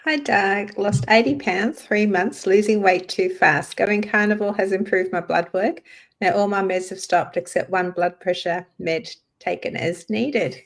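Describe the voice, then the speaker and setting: A woman co-hosting a live Q&A reads viewer comments out loud in a plain, steady way. Her pitch sits in the middle range. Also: a little slow, gravelly. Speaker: co-host reading viewer comments. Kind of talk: live Q&A chat.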